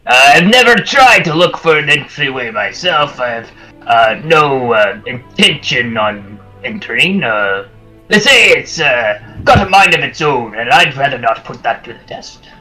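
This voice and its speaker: Guy putting on a boastful old pirate captain, bright lively voice, all swagger. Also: medium pitch, measured pace, soft background music, low-quality recording. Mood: breezy. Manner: boastful, bluffing, folksy sailor talk. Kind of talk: voicing a character in a tabletop game.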